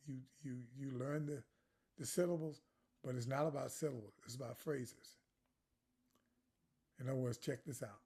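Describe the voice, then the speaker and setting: An older man leads a jazz workshop in a relaxed, chatty way. He wanders off on asides and laughs along the way. Now and then he sings short syllable phrases to show the rhythm. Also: medium pitch, slightly rough. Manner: demonstrates phrasing by singing syllables. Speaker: jazz educator. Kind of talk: lecture.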